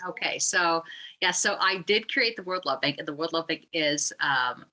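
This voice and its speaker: A woman's voice: low voice, lively intonation, moderate pace, sharp tone, rough recording. A woman explaining an app she founded, talking loosely with fillers and restarts. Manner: rambling, many restarts and fillers. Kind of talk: conversational explanation.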